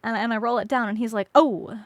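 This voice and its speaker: A woman's voice: a little high, flat delivery, very fast, no room sound. A young woman streamer telling a story casually to her chat, laughing often and swearing freely.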